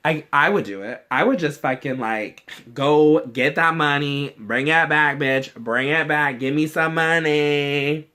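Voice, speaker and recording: A man's voice: fairly high pitch, unhurried, hardly any pauses, bright, forceful tone, clean tone. A young man chatting casually in a vlog, gushing and swearing freely as he acts out quoted lines. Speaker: vlogger reacting to a movie trailer. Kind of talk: casual chat.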